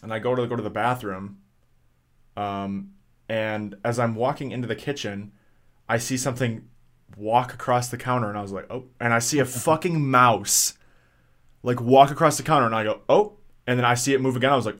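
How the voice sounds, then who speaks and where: A man's voice: mid-range voice, a little fast. Rambling, swearing young man telling a story. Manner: rambling, profane, many fillers and restarts. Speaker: podcast co-host. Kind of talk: casual storytelling chat.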